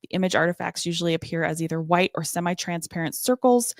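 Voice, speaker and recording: Woman, lowish voice, reads notes with ums, dry close sound, podcast co-host. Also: fast talker, dry recording. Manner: reads out research with fillers and hesitations. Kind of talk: reading researched notes in casual chat. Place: home studio.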